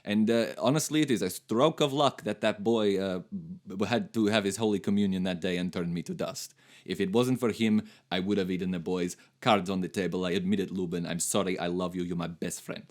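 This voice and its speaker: A man doing a deep-voiced boastful vampire count. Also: fairly even intonation, brisk, lightly acted. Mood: confessing. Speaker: podcast co-host. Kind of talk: improvised comedy role-play.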